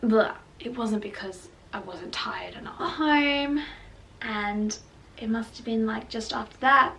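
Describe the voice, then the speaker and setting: A woman's voice: on the high side, slow pace, vocal fry, bright, forceful tone. A young woman, candidly and emotionally telling her own story as a vlogger, with lots of "like" fillers. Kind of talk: personal storytelling to camera. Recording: slightly distant mic with faint background noise.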